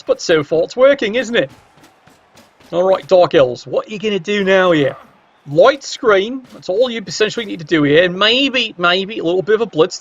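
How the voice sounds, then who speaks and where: Guy doing chatty game commentary, kinda high voice, dull lo-fi sound. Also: a bit bright. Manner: chatty, wry, teasing the players. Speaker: match commentator. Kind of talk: casual video game commentary. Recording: dull lo-fi recording.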